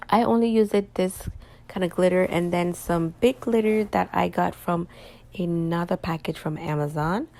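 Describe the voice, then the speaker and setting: A tired woman vlogger narrating her own craft video in a chatty, casual voice. She talks straight to the viewers, and her voice sits a little low with a gravelly fry. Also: a little mellow. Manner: chatty, addresses viewers directly. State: tired and yawning. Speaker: small business owner and vlogger. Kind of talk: casual voice-over of a craft tutorial.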